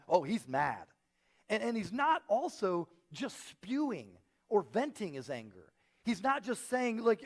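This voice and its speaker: This pastor's voice sits high and moves a little slowly as he preaches in a church auditorium. His sermon is animated storytelling, and he performs the voices of those he quotes.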